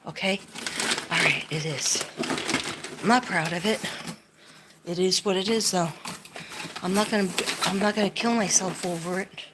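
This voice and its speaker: A woman with a fairly low voice hosts a casual livestream from home at night, speaking at normal speed but pausing often over background noise. She rambles and pokes fun at herself, laughs a lot, and sometimes drops to a whisper.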